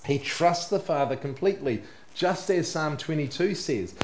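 A man preaching a sermon in an earnest way, often letting his phrases sink low and soft at the end. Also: normal speed, reverberant. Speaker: pastor.

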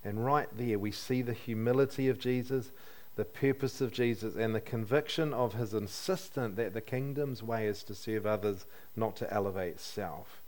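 A man's voice: on the low side, normal speed, a little mellow. Conversational male preacher. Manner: conversational, asks the congregation questions, light humor. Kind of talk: sermon.

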